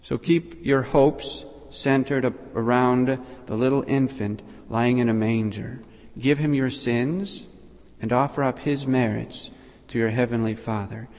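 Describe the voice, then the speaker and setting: A man preaching a sermon in a measured, reflective way, pausing between short phrases. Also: medium pitch, fairly even intonation, darkish tone. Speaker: priest. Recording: long reverb in a large hall.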